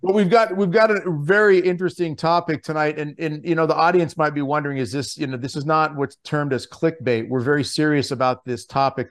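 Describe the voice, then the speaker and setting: A man hosting a podcast who talks in an earnest, enthusiastic way with many restarts. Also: mid-range voice. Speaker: podcast host.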